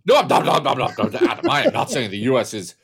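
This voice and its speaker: A man's voice: medium pitch, wildly swooping pitch, fast, gravelly. A man from Kentucky co-hosting a podcast in casual chat, joking and drifting into long explanatory tangents. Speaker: podcast co-host.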